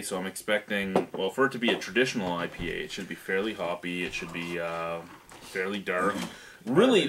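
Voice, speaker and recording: A man's voice: on the low side, fairly bright tone. Easygoing man, noisy recording. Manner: explanatory, swearing, easygoing. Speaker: beer review host. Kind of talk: casual chat.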